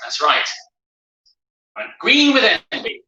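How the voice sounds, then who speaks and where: A man's voice: sits high, huge pitch swings, slow pace, sharp tone, recorded from a distance, muffled recording. A man co-hosting a casual live stream, trading joking, sweary banter. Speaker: co-host. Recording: echoey room, off-mic.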